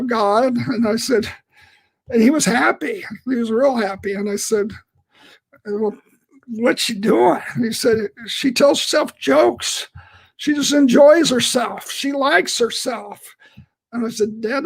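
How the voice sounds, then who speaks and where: A man's voice: high voice, rough recording. A man sharing a personal story in a sermon. He talks conversationally, circling back with frequent "you know" and self-corrections. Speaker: ministry leader teaching a series.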